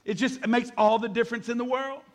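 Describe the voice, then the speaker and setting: High-voiced energetic male pastor. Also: fast. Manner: energetic, jokes with the congregation, repeats key words. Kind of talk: sermon.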